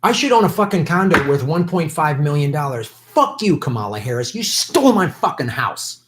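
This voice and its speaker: A man's voice: fairly high pitch, very animated, normal speed, background noise. Furious profane man ranting on a livestream. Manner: profane, shouting, bitter ranting. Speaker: political livestream host. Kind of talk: angry ranting commentary.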